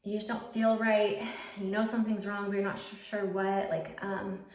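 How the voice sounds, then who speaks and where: A woman's voice: medium pitch, level tone, moderate pace, a little mellow. Chatty thirtysomething woman doing a get-ready-with-me vlog, lots of "like", echoey room. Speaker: YouTuber. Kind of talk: casual get-ready-with-me chat. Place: home. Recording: roomy echo, faint background noise.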